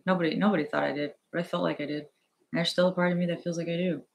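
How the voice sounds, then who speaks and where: Recorded roughly on an earphone headset at home, this young man's personal vlog features a fairly high, creaky voice with fairly even intonation. His speech is hesitant and nervous, wandering along with frequent fillers and restarts.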